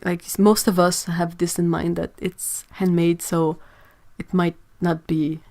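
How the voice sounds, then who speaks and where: A woman's voice: lowish voice, flat delivery, a little slow, a little mellow. A woman chatting casually on an art livestream, sleepy, rambling, laughing often and restarting her sentences. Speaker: artist livestreaming. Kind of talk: casual livestream chat, reading comments.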